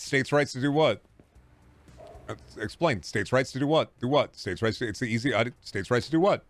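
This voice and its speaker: A man's voice: mid-range voice, normal speed, fairly bright tone. A young man from Texas, ranting sarcastically and profanely during a casual stream chat.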